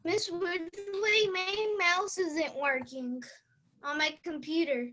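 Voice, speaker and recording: A female student with a high, bright voice explains a problem on an online class call. She speaks haltingly, and faint clicks sound behind her. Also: fairly even intonation, slight background noise.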